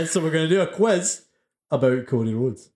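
Jokey podcast host. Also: male voice, a little high, lively intonation, normal speed, a little mellow. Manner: jokey, laughs often. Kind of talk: casual chat.

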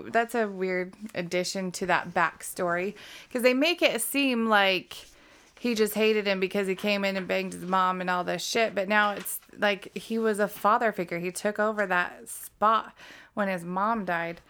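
A woman's voice: mid-range voice, normal speed, a bit bright, clear, resonant tone. A young adult woman from Utah co-hosting a casual true crime podcast, blunt and swearing, laughing often. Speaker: podcast co-host.

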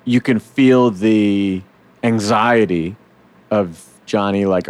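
A man with a low voice leads a relaxed podcast conversation. He swears freely and keeps acting out the scenes he retells. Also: slow. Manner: animated, swears, acts out comic scenes in voices. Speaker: podcast host. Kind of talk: casual chat.

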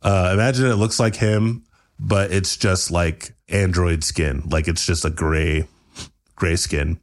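A man hosting a podcast, improvising a comedy story with rambling asides and laughter, often jumping into high character voices. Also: fairly even intonation, a little slow. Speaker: podcast host.

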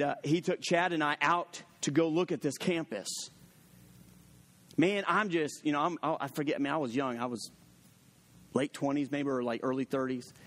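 A male pastor with a notably high voice delivers a lively sermon. He mixes personal stories with scripture and rises in volume for emphasis, a preacher in his late thirties or forties. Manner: animated, storytelling preacher who gets loud for emphasis.

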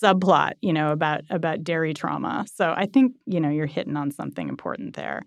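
Lively, curious woman host. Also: low-pitched, fairly quick, creaky, dry recording, clean studio sound. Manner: curious, playful questioning. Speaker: podcast host. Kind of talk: casual interview chat.

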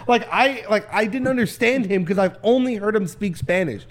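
A man's voice: sits high, moderate pace. A man in his twenties, a podcast co-host, telling a story in loose, slangy, swearing casual chat.

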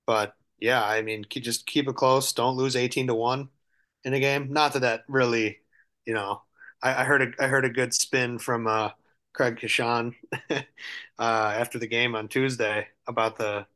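A man's voice: mid-range voice, steady tone, normal speed, bright, forceful tone. A man co-hosting a casual sports podcast, talking hesitantly with dry humor. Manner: hesitant, lots of fillers and restarts, dry humor. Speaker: podcast co-host.

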